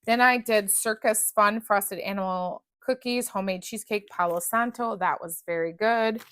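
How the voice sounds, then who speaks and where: A woman's voice: mid-range voice, moderate pace, a bit bright, smooth, no room sound. A woman reviewing scented wax melts in a casual, chatty way, gushing and often restarting her sentences. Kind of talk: casual product review chat.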